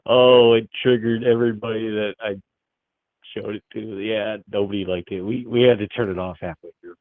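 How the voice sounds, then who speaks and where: A man's voice: fairly low pitch, steady tone, moderate pace, dry recording. A man calling into a show over the phone, rambling in a crude, laid-back way with lots of fillers. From United States. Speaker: caller. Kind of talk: casual phone chat. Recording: tinny phone line.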